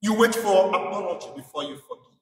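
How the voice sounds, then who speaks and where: A man's voice: high-pitched, fast, a bit bright. A man, a priest, preaching a sermon emphatically with repeated rhetorical questions, in a church. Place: church in England. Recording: echoey church from a distance.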